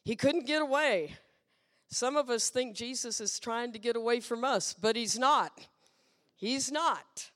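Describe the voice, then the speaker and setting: A woman guest preacher giving a lively, playful sermon and asking the congregation questions. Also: on the high side, measured pace, in a large hall. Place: church sanctuary.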